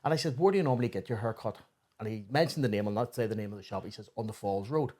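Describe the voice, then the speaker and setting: A man with a Belfast accent, a barber and podcast guest, telling animated anecdotes and swearing freely. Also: fairly low pitch, rapid-fire. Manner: animated anecdotes, swears freely, quotes people in raised voices. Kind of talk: casual storytelling chat.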